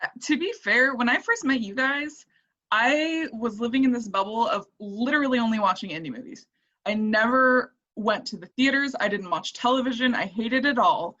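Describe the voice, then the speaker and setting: A woman's voice: a little high, lively intonation, moderate pace, pushed and bright. A woman guest on a podcast chatting casually, with many fillers and "like"s. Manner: chatty with fillers and laughs, lots of "like". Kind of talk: casual chat. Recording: dull lo-fi sound.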